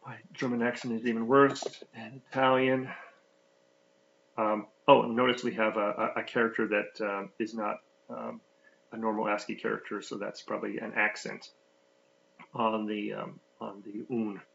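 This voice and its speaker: A man with a gravelly, bright, sharp-edged voice talks through a software demo in a loose, casual way. He thinks out loud, filling pauses with many ums and uhs and restarting his sentences. The recording sounds slightly muffled and lo-fi. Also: fairly low pitch, level tone, slight background noise. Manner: rambling, thinking aloud with many fillers. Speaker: software developer giving a demo.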